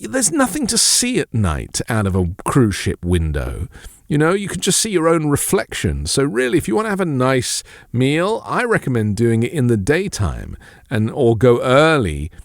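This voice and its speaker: A man's voice: medium pitch, huge pitch swings, normal speed, no room sound, clean studio sound. A man hosting a casual podcast, chattily handing out tips with enthusiasm. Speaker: podcast host.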